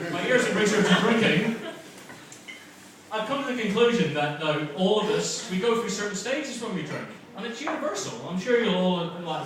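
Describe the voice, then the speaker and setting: Young Northern Irish stand-up, self-deprecating and chatty, voice a touch high, caught from a distance in a booming, noisy club. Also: male voice. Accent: softened Northern Irish. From Northern Ireland. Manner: chatty, self-mocking, bantering with the crowd. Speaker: stand-up comedian. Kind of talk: stand-up comedy set. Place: comedy club, live room. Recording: echoey club from far off, noisy.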